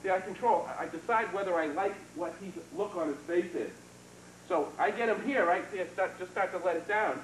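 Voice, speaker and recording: High-voiced man teaching karate in echoey hall. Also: brisk. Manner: casual, demonstrative, chuckling, coaching with short praise. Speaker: karate instructor. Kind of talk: hands-on martial arts seminar teaching. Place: training hall. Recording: echoey hall, distant mic, noisy 1990s video.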